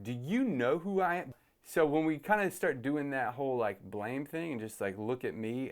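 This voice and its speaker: A man in his thirties, a youth ministry host, retelling a Bible story casually and acting out the characters in quick asides. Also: mid-range voice.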